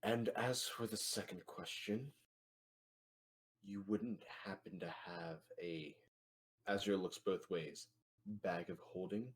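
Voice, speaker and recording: Man, very low pitch, unhurried, tabletop player, low-key. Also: breathy edge. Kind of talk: tabletop role-play in character.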